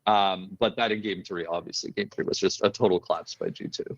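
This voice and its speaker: Low-voiced man, dry dull recording. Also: steady tone, no room sound. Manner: halting, repeats words and restarts. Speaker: podcast co-host. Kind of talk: casual esports chat.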